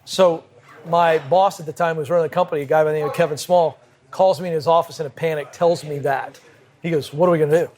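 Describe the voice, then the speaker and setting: A man, a podcast guest, telling a vivid personal anecdote in brisk conversational style at a cigar lounge. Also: fairly high pitch, fairly even intonation, a little mellow. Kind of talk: animated storytelling in conversation. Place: cigar lounge with a group present.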